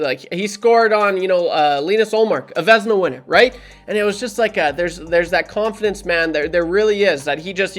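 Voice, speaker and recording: Animated young man ranting fast. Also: high voice. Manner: animated, repeats himself, frustrated. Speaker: hockey vlogger and radio show producer. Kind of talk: casual heated rant to camera.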